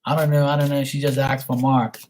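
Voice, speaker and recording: A man imitating his scolding, nosy mother, who nags him in rapid, cursing bursts. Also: mid-range voice, flat delivery, a little hiss or hum, close to an everyday voice. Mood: nagging. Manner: shouting, cursing, rapid-fire nagging.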